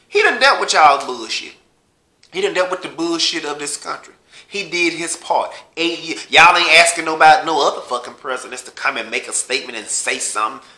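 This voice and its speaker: Bright-voiced man ranting, cursing hard. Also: a little high, echoey room. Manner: blunt, heated, heavy cursing, mocks his listeners. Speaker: vlogger. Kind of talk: profane political rant.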